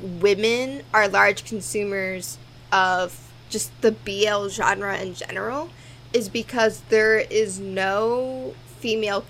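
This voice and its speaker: A young woman talks slowly in a groggy morning voice with plenty of vocal fry as a podcast co-host. She stays relaxed and laughs often, with a faint hum behind her. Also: mid-range voice, low-quality recording. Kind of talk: casual chat.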